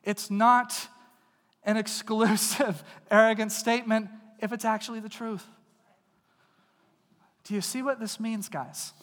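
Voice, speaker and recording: A man preaches with earnest conviction, pressing his points hard and then dropping to a hush. His voice sits high for a man. It carries a long reverb that fills a large church. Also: steady tone, unhurried, long pauses. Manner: earnest, swings from loud emphasis to hushed intimacy. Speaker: pastor. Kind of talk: sermon. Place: church sanctuary.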